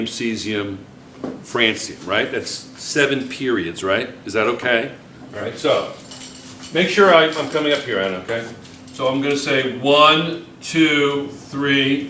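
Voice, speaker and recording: A man with a medium-pitched, fairly bright voice teaches chemistry at the board, going over things repeatedly and checking in with students. He's recorded from a distance by a camera in an echoey classroom with faint room noise.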